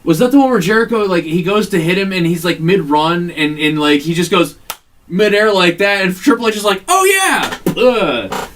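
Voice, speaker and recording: A man co-hosting a casual chat podcast, swearing freely and breaking into quick impressions as he tells stories. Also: high voice. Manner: profane, animated, mimics voices mid-story. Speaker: podcast co-host. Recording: distant mic, faint room noise.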